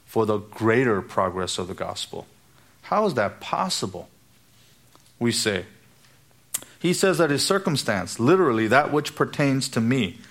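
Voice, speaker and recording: A man's voice: mid-range voice, sing-song, a little slow, long pauses, a bit bright. A man preaching an expository sermon, walking through a Bible passage and acting out everyday speech in quoted asides. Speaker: pastor.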